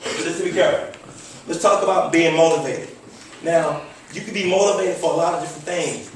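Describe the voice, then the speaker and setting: High-voiced man preaching in an echoey hall. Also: fairly even intonation, brisk, far from the mic, a little hiss or hum. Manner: commanding call-and-response, repetitive. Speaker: motivational speaker. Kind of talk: motivational speech. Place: large hall before an audience.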